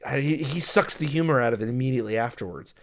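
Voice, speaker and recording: A man co-hosting a casual film review chat, talking in an animated way and sometimes acting out scenes. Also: mid-range voice, fast. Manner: animated, acts out scenes in exaggerated voices. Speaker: podcast co-host reviewing films.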